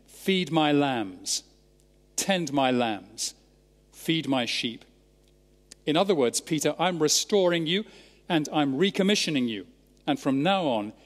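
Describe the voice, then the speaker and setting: A Scottish man preaching a sermon, expounding scripture in a measured, emphatic way. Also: a little high. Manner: measured, emphatic Bible exposition. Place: large church. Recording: church sermon with long reverb.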